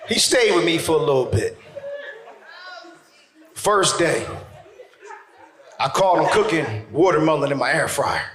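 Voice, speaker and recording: A man doing stand-up comedy, telling a story to a live crowd, loud and animated, jumping into shouted character voices. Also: fairly high pitch, measured pace, long pauses. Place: stage in a theater. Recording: echoey theater with faint noise.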